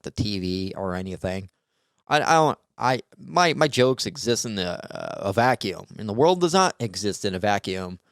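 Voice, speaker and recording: A man's voice: on the low side, no echo, studio quality. Sarcastic rambling podcast comedian, man. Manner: rambling, sarcastic, stumbling restarts. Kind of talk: solo stand-up podcast monologue.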